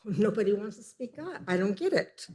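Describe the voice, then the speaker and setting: A woman in her seventies speaking at a city council meeting, emphatic and upset, pausing as she tries to hold herself together. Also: mid-range voice, very animated, darkish tone. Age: 70s. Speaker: public commenter. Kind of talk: public comment at a council meeting.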